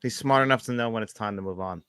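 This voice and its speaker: A man's voice: on the low side, fast, fairly bright tone, clean tone, dry recording, studio quality. A man co-hosting a movie podcast, talking casually and easily agreeing with his co-host. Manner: easygoing, agreeing, laughs often. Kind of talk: casual movie review chat.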